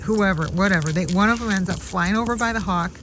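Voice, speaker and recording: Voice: medium pitch, fast talker, poor audio. A vlogger outdoors in a backyard, casually telling a rambling story with asides and restarts. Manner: chatty, digressive, with many restarts and asides. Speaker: backyard bird-watching vlogger. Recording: steady outdoor background noise.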